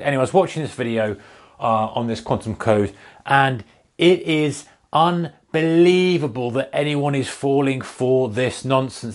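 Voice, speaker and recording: A man's voice: a little high, a little mellow. A man hosting a trading channel, talking casually to camera in a blunt, exasperated way.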